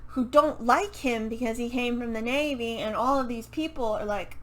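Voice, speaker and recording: Rambling to camera about a book series, a woman speaks at normal speed in a fairly high, fairly bright voice. She's a book vlogger who faces her microphone, throws in self-correcting asides, and swears casually, all on a rough recording.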